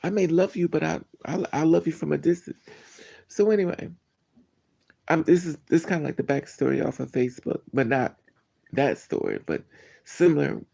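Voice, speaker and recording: A man hosting a livestream, telling a personal story to his viewers in a candid, animated, blunt way. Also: a little high, normal speed, creaky. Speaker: livestream host. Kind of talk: casual storytelling to a live chat.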